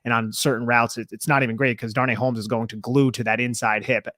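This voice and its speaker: A man's voice: mid-range voice, little pitch movement, fast, sharp tone, no echo, clean studio sound. A young man co-hosting a casual sports podcast, talking through game film in a conversational way and laughing easily. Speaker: podcast co-host.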